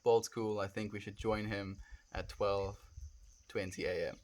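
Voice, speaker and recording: South african guy streaming late at night, kinda low voice, rambly, lots of "like", calls everyone friend. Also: little pitch movement, unhurried. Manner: rambling, soft-spoken, many "like" fillers, addresses viewers as friend. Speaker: livestreamer. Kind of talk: casual late-night livestream chat.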